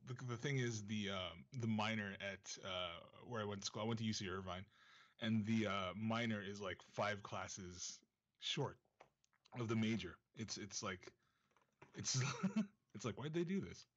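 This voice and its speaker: A man speaking as a guest in a casual interview, easygoing and halting, often laughing. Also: lowish voice, a bit bright, lo-fi sound.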